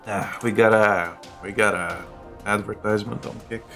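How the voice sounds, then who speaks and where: Low-voiced man in rambling stream chat. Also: fairly even intonation, moderate pace, a bit bright, soft background music. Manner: rambling, jokey, with restarts. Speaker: streamer co-host.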